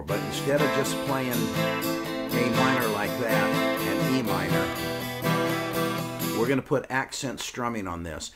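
A man giving a casual guitar lesson, coaching step by step and counting beats out loud. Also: mid-range voice. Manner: coaching, repeats instructions, counts beats aloud. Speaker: guitar teacher. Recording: guitar playing throughout.

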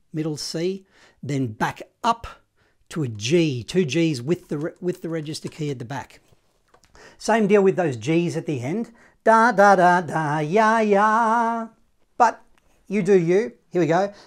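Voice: mid-range voice, a little mellow. Chatty, encouraging online saxophone tutor; casual delivery, scats and counts. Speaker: saxophone teacher. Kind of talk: online music lesson.

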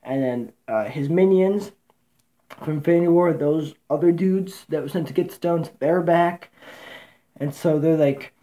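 Low dark-voiced lady rambling through a movie recap, swears, lots of ums, gets excited. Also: a little slow. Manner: rambling, excitable, swears, many fillers and restarts. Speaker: movie reviewer. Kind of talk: casual spoken movie recap.

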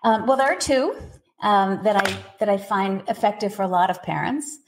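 Brief: woman guest coach, mid pitch, calm patient explainer, filler-heavy conversational delivery. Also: normal speed, background noise. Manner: steady, explanatory, frequent "you know" fillers. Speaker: autism parenting coach, guest. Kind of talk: podcast interview answers.

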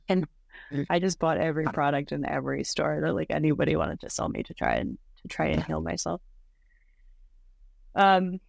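A woman's voice: fairly low pitch, creaky, no room sound, studio quality. A woman in her thirties, a podcast guest, telling her story in casual talk, full of "like" and "um", with frequent small laughs. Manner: chatty, many fillers like "like" and "um", laughs often.

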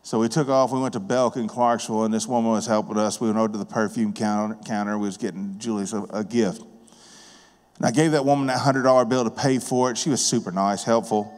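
Folksy preacher in a reverberant church. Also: male voice, fairly low pitch, steady tone, fast talker, darkish tone. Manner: folksy, conversational, plain-spoken. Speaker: guest preacher and business owner. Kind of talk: sermon with personal storytelling. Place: church sanctuary. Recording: long reverb of a church hall.

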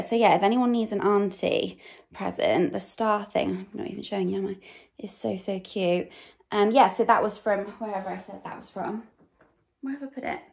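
Chatty young woman vlogger. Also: medium pitch. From England. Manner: chatty, rambling, lots of fillers and likes. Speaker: fashion vlogger. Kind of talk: casual chat.

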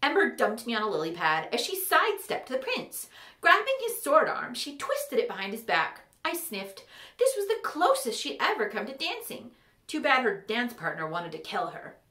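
Animated woman narrating a fantasy story. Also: on the high side, normal speed, reverberant. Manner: animated, wry.

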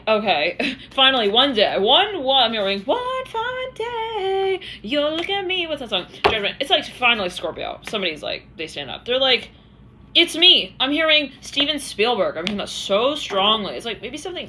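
Bright-voiced woman reading tarot. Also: medium pitch, slight background noise. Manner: rambling, stream-of-consciousness, acts out quoted voices. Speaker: tarot reader.

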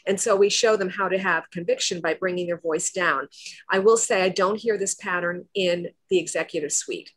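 A woman speaking as a presentation coach, a guest on a video-call talk show, explaining in a confident, animated way. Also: fairly low pitch, moderate pace.

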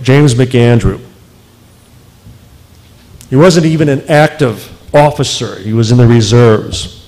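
A man speaking as a researcher in a public lecture, emphatic, with deliberate pauses. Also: mid-range voice, darkish tone, rough recording.

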